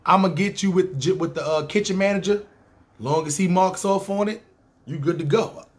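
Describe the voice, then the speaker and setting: A man's voice: high-pitched, normal speed. Profane New York man telling a story. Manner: profane, streetwise, acts out other people's voices. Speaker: storyteller, podcast host. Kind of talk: casual storytelling monologue.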